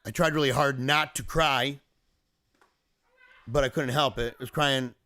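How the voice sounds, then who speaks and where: Man in a video diary, reflective and earnest, medium pitch, dry and close. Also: fairly even intonation, unhurried, sharp tone, no echo. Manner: earnest, emotional, reflective storytelling. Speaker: father recounting a family emergency. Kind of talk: personal video diary monologue.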